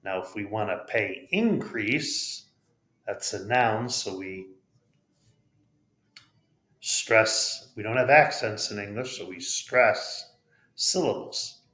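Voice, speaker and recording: A man's voice: fairly low pitch, expressive, slow, pauses often, pushed and bright. A man with an American accent teaching English pronunciation, spelling out letters and modeling each word with patient care. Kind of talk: pronunciation lesson. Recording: roomy echo.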